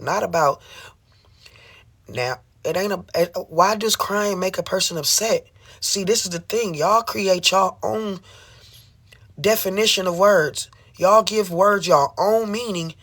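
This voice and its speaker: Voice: mid-range voice, fairly bright tone. A livestreamer in an emotional, impassioned rant who swears often, fires rhetorical questions at the audience and repeats phrases for emphasis.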